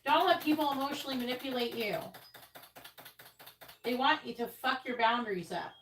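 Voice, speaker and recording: A woman's voice: sits high, moderate pace, a bit bright, a little hiss or hum, rough recording. Blunt, profane woman tarot reader. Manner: blunt, profane, exasperated ranting. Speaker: tarot reader hosting a livestream. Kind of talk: casual livestream talk. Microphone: earbuds.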